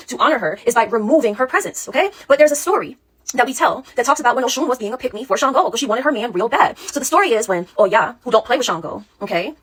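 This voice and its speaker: Woman, spiritual coach, rapid-fire delivery, husky tone, blunt, sassy, profane. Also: a little high, fairly bright tone. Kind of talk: casual vlog monologue.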